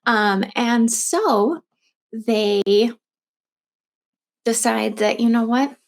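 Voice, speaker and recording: A woman's voice: on the high side, extremely slow. A woman casually retelling a true crime story, chatty, with lots of fillers and restarts.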